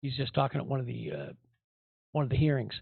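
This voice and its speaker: A man's voice: mid-range voice, fairly even intonation, quick pace, creaky, husky, no room sound. A man hosting a podcast, giving rambling, indignant commentary with many fillers. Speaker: podcast host. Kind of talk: casual commentary. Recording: tinny phone-like audio.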